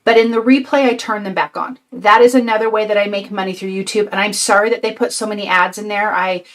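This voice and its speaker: Hosting a casual live craft stream, an older woman talks fast in a steady, mid-range voice with a fairly bright tone. She chats sweetly and cheerfully, reads viewer comments, and comes across tired and a little out of breath.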